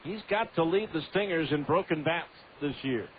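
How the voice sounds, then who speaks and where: A man calling a baseball game on the radio in steady play-by-play, full of stats. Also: a little high, normal speed. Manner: steady, stat-heavy narration. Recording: tinny AM radio broadcast with faint hiss.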